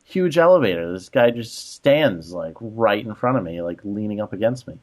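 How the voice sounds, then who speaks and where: Man, low voice, casual podcast co-host, exasperated storytelling, lots of "like" fillers. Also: animated, moderate pace, a little mellow.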